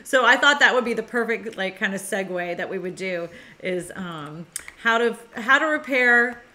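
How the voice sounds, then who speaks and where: A woman's voice: medium pitch, lively intonation, normal speed, sharp tone. Chatty, laughing New England woman host. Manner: chatty, laughs often, reads viewer comments aloud. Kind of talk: casual live-stream chat.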